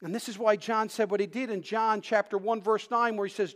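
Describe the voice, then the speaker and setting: A man preaching a sermon in a high, lifted voice. He tells a personal story with lots of drama, dropping to a hush, then rising to loud bursts. Now and then he restarts a word mid-sentence. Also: brisk. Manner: animated storytelling, swings from loud shouts to hushed tones. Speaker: pastor.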